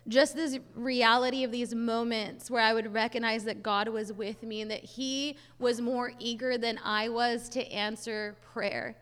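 A woman's voice: fairly high pitch, fairly even intonation, measured pace, hardly any pauses, a bit bright. A young woman sharing a personal testimony in a sermon, talking casually with lots of filler words. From Hispanic family, US. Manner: casual storytelling, many "like" fillers. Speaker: church speaker. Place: church sanctuary. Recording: long hall reverb.

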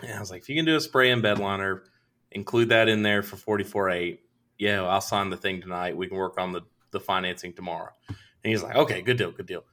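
A young adult man casually telling a profane story, acting out both sides of the conversation with lively quoted voices. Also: deep voice, quick pace.

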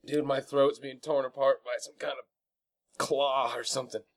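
A married man co-hosting a casual beer-tasting podcast, laid-back and telling dry deadpan jokes. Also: mid-range voice, normal speed. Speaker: podcast co-host. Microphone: studio microphone.

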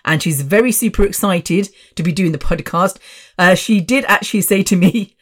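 A woman's voice: on the low side, normal speed. A woman in her fifties hosting her own podcast, chatty and rambling with asides. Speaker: podcast host. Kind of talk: casual solo podcast chat.

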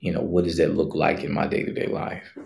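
A man hosting a podcast about faith, leaning into each point as he talks it through. His voice sits very low, with a gravelly fry in it. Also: monotone, brisk, darkish tone. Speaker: podcast host. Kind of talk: casual faith talk.

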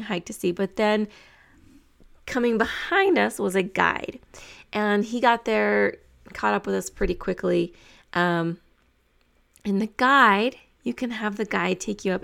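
A young woman telling a personal travel story in a chatty, animated way, full of fillers and restarts. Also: medium pitch, vocal fry.

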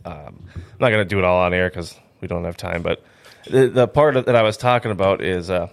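A man's voice: low-pitched, fairly quick, vocal fry. A young man from North Dakota, a stand-up comedian, telling rambling stories full of "like" in a casual radio studio interview. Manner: rambling storyteller, heavy on "like".

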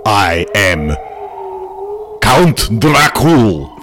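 A man playing a theatrical male vampire count who welcomes guests to his castle, with hammy, booming host patter. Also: very animated, very slow, fairly bright tone, faint music behind, heavily acted. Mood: campy.

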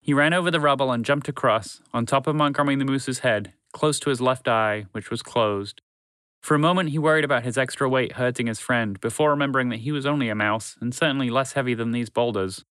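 A man narrating a children's story in a calm, measured, friendly way. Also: medium pitch, smooth, no room sound.

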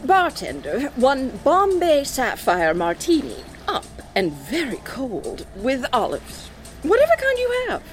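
A woman's voice: high-pitched, wildly swooping pitch, a little slow, soft background music, heavily acted. A woman reading an audiobook in the role of a wry, prim amateur lady detective. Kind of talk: audiobook narration with voices.

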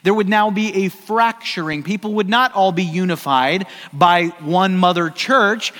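An American pastor preaches in a high, bright-toned voice, casual and joking but emphatic. His words carry a long reverb through the church sanctuary. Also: a little slow. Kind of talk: sermon.

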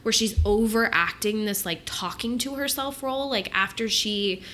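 A woman co-hosting a casual film-review chat, animated and chatty, swearing freely and saying "like" a lot. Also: mid-range voice, moderate pace, a little hiss or hum. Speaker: podcast co-host.

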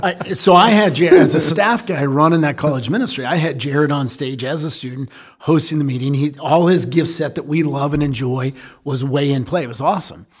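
Husky, slightly high-voiced pastor. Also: male voice, brisk. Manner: laid-back, chuckling. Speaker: pastor, former college ministry staff. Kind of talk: casual podcast chat.

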